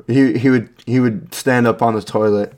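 A man's voice: medium pitch, steady tone, measured pace, a little mellow. A young man casually telling a rambling, profane personal story, with lots of restarts and chuckles. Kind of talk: casual anecdote monologue.

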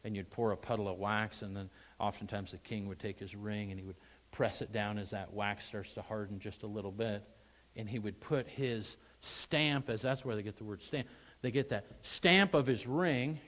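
Male pastor preaching a sermon, chatty tone, sudden loud emphatic rises, questions to the congregation. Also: on the low side, normal speed, poor audio. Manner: conversational, asks the congregation questions.

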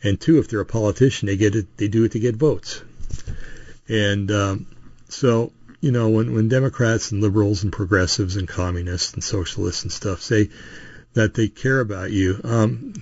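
A man's voice: fairly low pitch, moderate pace, darkish tone, no room sound. A man hosting a show, talking in a casual, opinionated, rambling monologue with frequent asides and restarts. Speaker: podcast host. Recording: dull, dry lo-fi recording.

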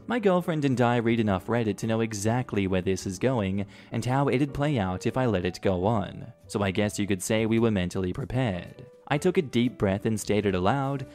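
A man reading an online story aloud as its narrator, steady and matter-of-fact. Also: fairly low pitch, moderate pace, few pauses, faint music behind. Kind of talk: scripted narration of online stories.

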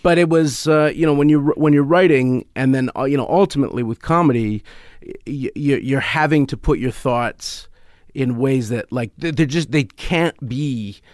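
A man's voice: medium pitch, moderate pace, a little mellow, no echo. Canadian man, dry, hesitant talk. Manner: thoughtful, hesitant with many restarts. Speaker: guest comedian and writer. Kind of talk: casual interview conversation.

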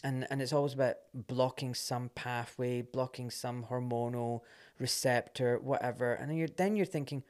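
A man, a surgeon guest telling a story in casual talk, animated and quick to laugh. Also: mid-range voice.

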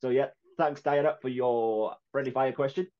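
A man's voice: mid-range voice, steady tone, normal speed, dull audio. A man with a Geordie accent hosting a podcast, chatting casually, laughing often and acting out little quotes. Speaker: podcast host. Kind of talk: casual chat.

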